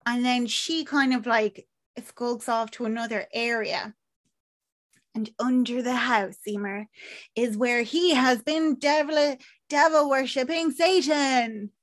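A woman's voice: on the high side, slow. A young Irish woman chatting casually on a podcast, retelling a film with acted-out lines and swearing. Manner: animated storyteller, acts out characters, swears freely. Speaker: podcast co-host. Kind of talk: casual chat recapping a film.

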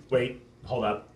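Loud, profane man in an echoey room. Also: medium pitch, a little hiss or hum. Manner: loud, profane, laughing, mimics people. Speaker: podcast co-host. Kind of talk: crude casual chat.

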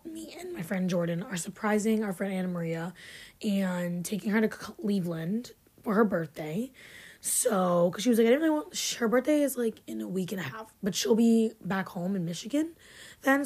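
A young woman in her twenties chatting away as a podcast host. Her voice is soft and breathy, and she rambles cheerfully, dropping "like" everywhere. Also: mid-range voice, expressive, normal speed. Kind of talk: casual chat.

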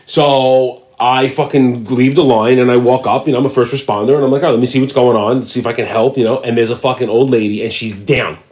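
A man's voice: mid-range voice, steady tone, fast talker, hardly any pauses, a little mellow. A man co-hosting a podcast, telling a long, profanity-laced anecdote in casual chat. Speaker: podcast co-host.

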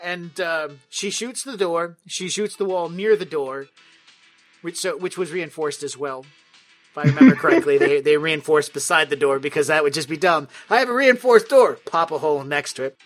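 A man with a fairly high voice narrates a tabletop game as its game master. His manner is playful and wry, and he often laughs between lines. Faint music plays behind him. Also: fairly even intonation, normal speed, fairly bright tone.

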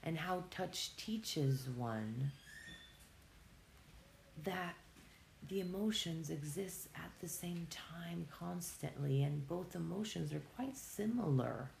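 A woman speaking in a slow, musing monologue, dropping into soft whispered phrases at times. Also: fairly low pitch, lively intonation, vocal fry, a little hiss or hum. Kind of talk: reflective monologue.

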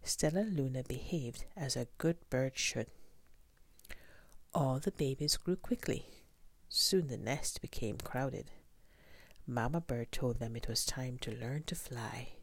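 A woman whispering a children's storybook aloud in a soft, gentle voice, as whispered role-play. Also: a bass voice, slow, husky, no echo.

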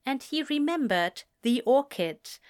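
Slow, lively woman storyteller. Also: high-pitched. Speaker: reader. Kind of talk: audiobook story narration.

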